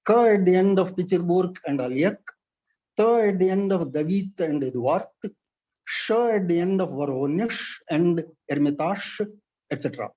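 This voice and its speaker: A man with a high, mellow voice delivers a measured, precise lecture on pronunciation. He is from India and explains each point carefully. The recording is dull and lo-fi. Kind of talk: read-aloud lecture.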